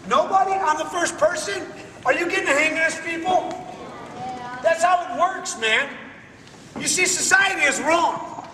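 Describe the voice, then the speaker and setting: A man with a very high, bright, forceful voice preaches to a room of schoolchildren. His delivery is emphatic and streetwise, full of questions to the crowd. He is heard from a distance in an echoey hall with a faint hiss behind. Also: animated, normal speed, long pauses. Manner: streetwise slang. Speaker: motivational speaker. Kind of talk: motivational talk to schoolchildren. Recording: echoey hall recorded from far off.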